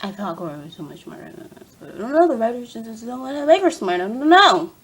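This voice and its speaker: A woman's voice: a little high, sing-song, fast, slightly rough. A woman ranting casually about a TV episode, rambling and exasperated, with lots of fillers. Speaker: TV fan reviewer.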